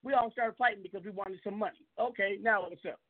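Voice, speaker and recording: Man in his fifties, radio host, high voice, preachy rambling talk, phone-line sound. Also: quick pace. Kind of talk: casual call-in radio talk. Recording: tinny phone-line audio.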